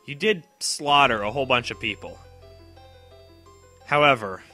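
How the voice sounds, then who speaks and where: A man giving excited commentary over a video game playthrough, cheering at the big moments and talking to the characters. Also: mid-range voice, unhurried, soft background music. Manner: talks to himself and to the characters. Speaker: let's play host.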